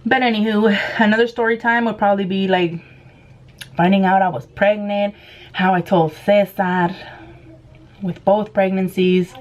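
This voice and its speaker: A woman's voice: mid-range voice, steady tone, normal speed, a little hiss or hum. A woman in her twenties, a mukbang vlogger, telling a casual story while she eats, filling her talk with "like" and acting out what people said. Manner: chatty, heavy use of "like", acts out quoted dialogue. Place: at home at a table with food.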